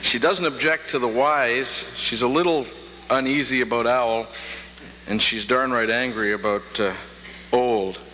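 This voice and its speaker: A middle-aged man gives a formal convocation address, with measured pacing and touches of dry wit. His voice is bright and clear. It is a 1990 archive recording with a long hall echo and a faint hum underneath. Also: medium pitch. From Prince Edward Island, Canada. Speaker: convocation speaker. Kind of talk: formal ceremonial address with jokes. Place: large hall.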